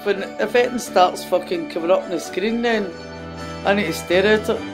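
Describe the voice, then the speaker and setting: A woman's voice: mid-range voice, moderate pace. A Scottish woman singing karaoke on her couch at home and chatting bluntly between verses, swearing and mocking herself. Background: karaoke backing music.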